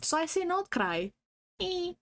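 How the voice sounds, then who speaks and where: A woman with an extremely high, very animated and slightly bright voice speaks at a measured pace. Streaming live with faulty audio, she rambles and giggles, swears freely and fills her casual chat with fillers and restarts.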